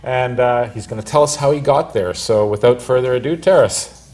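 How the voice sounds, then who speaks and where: A man's voice: mid-range voice, normal speed. A man hosting a club meeting, casually introducing the next speaker with a few fillers. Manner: relaxed with fillers. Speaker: meeting host.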